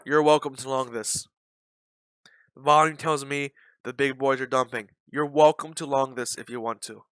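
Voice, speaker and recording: A man's voice: medium pitch, steady tone, moderate pace, a bit bright, clear, resonant tone, no echo. A man giving live commentary on a day-trading stream, blunt and repetitive, openly frustrated.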